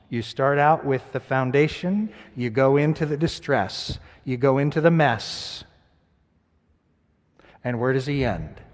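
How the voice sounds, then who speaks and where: A male pastor preaching a sermon, moving between loud, emphatic scripture reading and hushed, quiet reflection. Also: mid-range voice. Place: church sanctuary. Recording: church sanctuary with long reverb.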